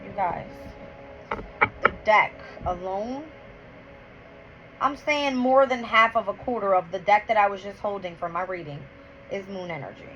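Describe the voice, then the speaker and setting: A woman's voice: mid-range voice, unhurried, pauses often, fairly bright tone, faint music behind. A woman doing a casual tarot and astrology reading, counting cards aloud and getting heated, blunt and full of swearing. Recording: dull lo-fi with clear background noise.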